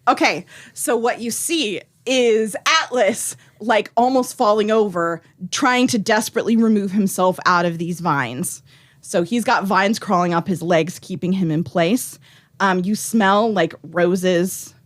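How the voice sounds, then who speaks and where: A woman's voice: medium pitch, unhurried. A woman acting as game master, narrating a tabletop game in a joking, giggly way. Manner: giggly, joking, laughs often.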